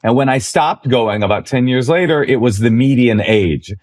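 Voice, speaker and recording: A man in his forties, a comedian guest, telling a story in a conversation, animated and self-deprecating. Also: medium pitch, normal speed.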